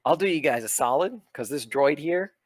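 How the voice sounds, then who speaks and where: A man voicing a shady, fast-talking alien weapons shop owner in a tabletop game, nervous and conspiratorial. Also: on the high side, expressive, no echo.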